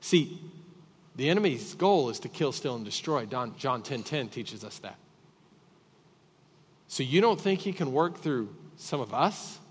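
A man preaching a sermon as pastor, emphatic and repetitive, swinging between loud and quiet. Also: mid-range voice, very animated, measured pace, long pauses, slightly rough, in a large hall. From Texas.

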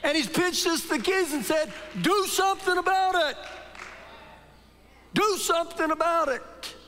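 High-voiced preacher in a reverberant church. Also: male voice, unhurried, a little hiss or hum. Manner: animated storytelling preacher, acts out quotes. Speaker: pastor. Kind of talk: sermon. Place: church sanctuary during a service. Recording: live church service with long reverb and faint music.

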